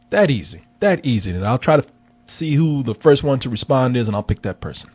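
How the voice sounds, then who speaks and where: Animated husky man hosting a trivia game. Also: mid-range voice, a little fast. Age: middle-aged. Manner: playful, breaks into exaggerated salesman and game-show voices. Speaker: podcast host running a call-in trivia game. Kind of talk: casual comedic banter.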